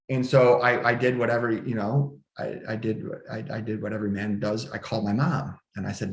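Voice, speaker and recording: A podcast guest with a fairly low voice talks briskly about something that happened to him, restarting often and quoting dialogue in an emotional, restless way. The recording, made in a room at home, sounds roomy.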